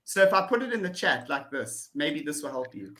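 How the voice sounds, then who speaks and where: A woman's voice: deep voice, sing-song, a little fast, fairly bright tone. A woman with a South African accent, tutoring English over a video call, patiently repeating words and laughing often. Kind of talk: one-on-one pronunciation lesson.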